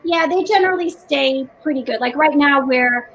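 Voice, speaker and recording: A woman's voice: sits high, moderate pace, fairly bright tone, poor audio. A woman co-hosting a casual book chat over a video call, rambling with many restarts and frequent laughter. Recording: faint background noise.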